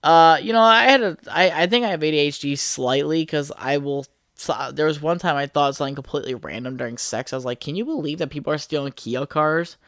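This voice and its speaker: A man's voice: on the high side, fast talker, hardly any pauses, fairly bright tone, no room sound, clean studio sound. A man hosting his own podcast from his apartment, rambling crudely and profanely from one thought to the next. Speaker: podcast host. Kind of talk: solo casual podcast rant. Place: apartment room.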